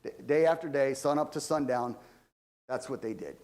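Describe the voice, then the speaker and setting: A man preaching a sermon as pastor, in a conversational way with many asides, swinging between loud emphatic stretches and low quiet ones. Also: normal speed.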